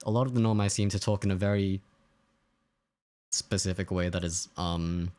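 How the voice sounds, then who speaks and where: A man's voice: deep voice, fairly even intonation, moderate pace, a little mellow. A man casually chatting while streaming a game, rambling and joking as he reads chat aloud.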